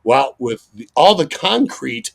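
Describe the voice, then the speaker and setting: A middle-aged man, a radio host, telling an animated story as a guest and breaking into loud acted-out exclamations. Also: mid-range voice, slow, vocal fry, husky.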